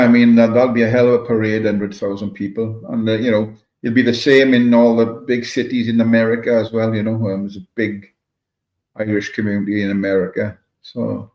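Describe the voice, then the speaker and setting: A man's voice: lowish voice, little pitch movement, moderate pace. A man from Wales with a Welsh accent, rambling in casual chat and greeting viewers by name as he hosts a livestream. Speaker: livestream host reading chat. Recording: echoey room, dull lo-fi sound.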